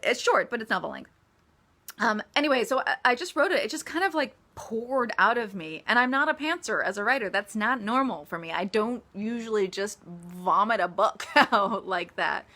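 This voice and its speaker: A woman's voice: medium pitch, lively intonation, normal speed, bright, forceful tone. An American woman, an author, chatting casually in a live-stream Q&A, often laughing and joking about herself. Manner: giggly, self-deprecating, chatty.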